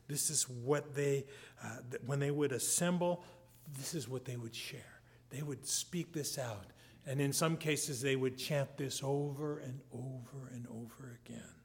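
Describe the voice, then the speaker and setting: A middle-aged man preaching a sermon, swinging between loud, emphatic peaks and soft, near-whispered lines. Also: medium pitch. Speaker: pastor.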